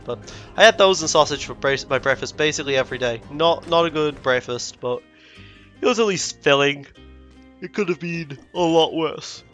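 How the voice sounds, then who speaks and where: A young man rambles through a casual travel vlog, often stopping to correct himself and grumble. His voice sits a bit high with a bright, forward tone. Faint music plays softly behind him. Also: moderate pace. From Britain. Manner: rambling, self-correcting, indignant asides. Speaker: vlogger.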